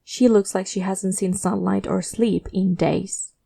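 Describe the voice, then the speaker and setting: Warm-voiced woman narrating a story. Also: mid-range voice, fairly even intonation, unhurried, gravelly, breathy edge. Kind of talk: scripted first-person fiction narration.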